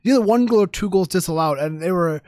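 A man co-hosting a football podcast, briskly reading results with a joking, profane edge in casual chat. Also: high-pitched, darkish tone, no echo, studio quality. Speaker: podcast co-host running through results.

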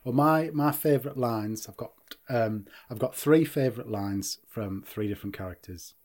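A man's voice: mid-range voice, darkish tone. A man co-hosting a casual film podcast, agreeing and laughing easily as he talks through favourite lines. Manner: easygoing, agreeable, quick to laugh. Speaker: podcast co-host.

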